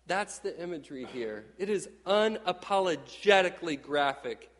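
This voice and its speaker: A middle-aged man from Texas preaching a sermon in a lively, conversational way, often acting out quotes. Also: fairly high pitch, normal speed, hardly any pauses, big-room sound. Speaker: pastor.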